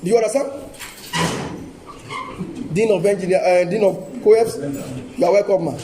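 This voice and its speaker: An older man with a Nigerian English accent delivers a lively seminar lecture to colleagues in a university lecture hall, speaking emphatically, repeating key phrases and coaxing his audience. His voice is high and his pace moderate, with some background noise. It was recorded from a distance in an echoey hall with faint ambience.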